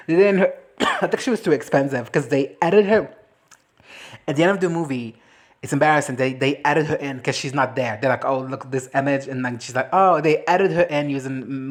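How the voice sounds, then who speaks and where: A woman chatting casually as a movie reviewer, animated and swearing, breaking into quick impressions of characters. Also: deep voice. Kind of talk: casual reaction chat.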